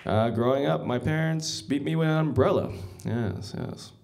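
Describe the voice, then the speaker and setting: A man's voice: fairly high pitch, moderate pace, vocal fry, darkish tone. A man doing a stand-up comedy set as emcee, rambling and self-mocking, chuckling at his own jokes.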